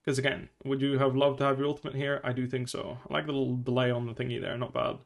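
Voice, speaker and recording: A man's voice: medium pitch, flat delivery, fast talker. A man coaching a player through a game review in casual talk, blunt and swearing a lot, acting out little scenes.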